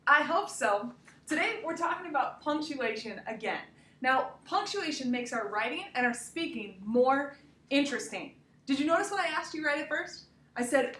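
A woman's voice: sits high, lively intonation, normal speed, bright, forceful tone, recorded from a distance. A woman teacher giving a cheerful, encouraging grammar lesson to young children, speaking to them directly. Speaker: elementary school teacher. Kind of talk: recorded remote grammar lesson. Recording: echoey room, voice from off mic.

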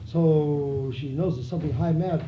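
A man's voice: on the high side, moderate pace, a little hiss or hum. A man performing a comic story onstage in theatrical, florid hipster slang. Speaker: comedian, monologist. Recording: roomy muffled live club recording with audience.

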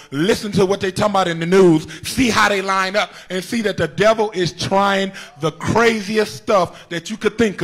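A man preaching with a high-pitched, fervent voice. He repeats his phrases, calls out to the congregation, and sometimes lifts into a shout as he drives his sermon home. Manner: rises to shouts at times. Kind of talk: Good Friday sermon.

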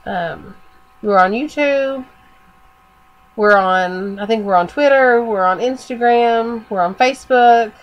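A woman's voice: a little high, slow pace, highs cut off. A woman co-hosting a podcast in casual chat, rambling with many fillers while she is losing her voice from a cold. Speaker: podcast co-host.

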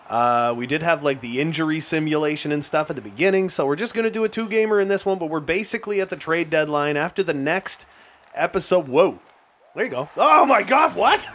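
A young man giving casual, excited commentary on his own hockey video game, calling the plays and chatting straight to his viewers. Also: a little high. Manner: play-by-play calling with bursts of excitement and laughs. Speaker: gaming YouTuber.

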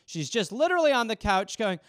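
A man in his thirties hosts a casual podcast monologue, cursing freely and slipping into little voices for the people in his stories. His voice sits fairly high and comes across smooth and clean. The sound is dry and close, with no room around it. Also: brisk, no room sound. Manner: profane, animated, acts out quoted voices. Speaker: podcast host.

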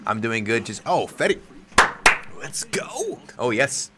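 A man hosting a live reaction stream, excitable and joking, swearing now and then. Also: lowish voice, normal speed, very noisy. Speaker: watchalong host.

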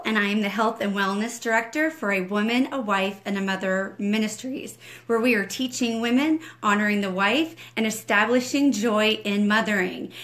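Woman livestreaming prayer from home. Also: on the high side. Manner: chatty and warm with viewers, fervent in prayer; talking quietly at first. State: voice slightly cracking. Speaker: ministry director leading a prayer livestream. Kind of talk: casual livestream greetings and spoken prayer. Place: home, early morning. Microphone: phone.

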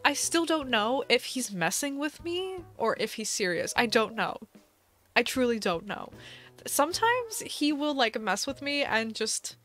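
A woman's voice: sits high, fairly bright tone. A young woman streamer chatting casually to her live chat, laughing often and filling her talk with "like". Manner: giggly, chatty, lots of "like" fillers.

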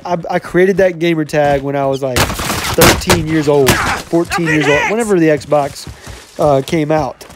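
A man in his twenties talks casually over his own gameplay, with a slightly raised pitch. He keeps the energy upbeat and hyped, tossing in the same catchphrases again and again. A faint noise sits under his voice. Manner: upbeat hype talk, keeps saying "you know what I'm saying". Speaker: gaming YouTuber.

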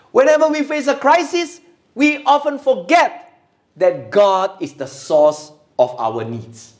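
A man's voice: extremely high pitch, lively intonation, slow. Man preaching a sermon. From Singapore. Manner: preaching with call-and-response to the church. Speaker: pastor. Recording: echoey church hall.

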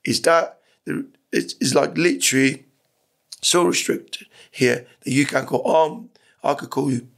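A man's voice: medium pitch, unhurried, creaky, fairly bright tone. A middle-aged man from Iran, a podcast guest telling his story candidly, with rambling talk and frequent swearing. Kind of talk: casual storytelling interview.

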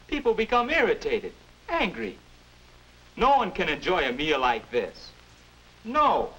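The recording is rough, with slight background noise, as a fairly high-pitched young man narrates a 1950s educational film. An actor, he plays the boy's friendly future self and serves as guide, explaining manners with earnest, lively instruction.

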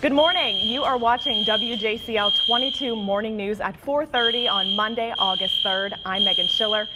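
A woman morning news anchor, calm and reassuring while a fire alarm blares behind her. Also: on the high side, moderate pace, very noisy. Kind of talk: live news intro. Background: blaring fire alarm.

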